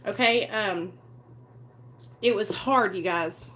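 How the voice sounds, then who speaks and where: A woman runs a live recovery stream, speaking slowly in a medium-pitched voice with a sharp tone. Her casual talk is earnest and chatty, and she greets viewers by name.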